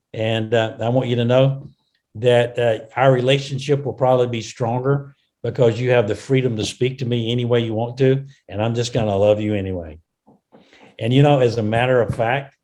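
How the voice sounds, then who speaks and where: A man who mentors business owners, telling a story on a call-in show in an earnest way, often repeating words and filling pauses with "and, uh". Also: mid-range voice, dark tone.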